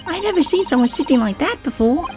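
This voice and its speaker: A woman voicing a polite, curious young female assistant, reading game dialogue with lively remarks. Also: high-pitched, fast talker. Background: game music.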